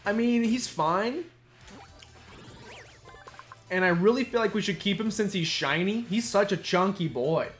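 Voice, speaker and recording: A man's voice: high-pitched, a little slow, pauses often. A man giving casual, playful commentary while playing a video game, chatting and muttering asides. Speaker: let's play streamer. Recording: faint game music behind.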